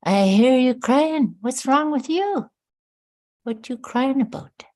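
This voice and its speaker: A woman voicing a tiny, kindly old grandmother elder who speaks slowly and coaxingly. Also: high voice, lively intonation, a little mellow, voice pushed up. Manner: slow, coaxing, motherly.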